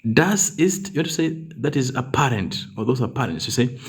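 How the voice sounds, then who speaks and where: A man's voice: mid-range voice, sing-song, brisk, breathy edge. A man tutoring a live German grammar class, patiently reading out students' example sentences and correcting them.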